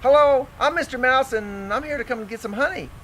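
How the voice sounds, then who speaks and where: A man's voice: extremely high pitch, fairly quick, fairly bright tone, a little hiss or hum, rough recording. A man doing an earnest little hero mouse. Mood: eager.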